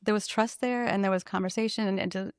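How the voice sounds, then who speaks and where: Expressive salon owner with gravelly voice. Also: female voice, mid-range voice, quick pace, no room sound, studio quality. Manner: emotional, animated, laughs often. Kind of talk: conversational storytelling.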